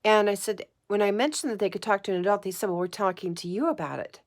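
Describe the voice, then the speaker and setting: A woman's voice: medium pitch, quick pace. Earnest woman talking to camera. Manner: emotional, earnest, repeats phrases for emphasis. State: tearful at times. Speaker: psychic vlogger. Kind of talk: heartfelt personal talk to camera. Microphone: camera mic, talking to camera.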